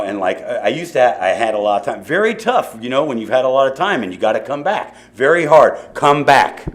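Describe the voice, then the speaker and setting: A middle-aged man speaking at a recovery meeting, telling his story in a loose, conversational way with many asides. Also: mid-range voice. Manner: conversational storytelling with asides and repeated "you know". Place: meeting hall before an audience.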